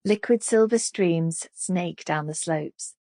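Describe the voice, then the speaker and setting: Woman narrating a thriller, lowish voice, dry close sound, lots of expression. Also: takes it slowly, dark tone, no room sound. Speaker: audiobook narrator. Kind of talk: scripted narration.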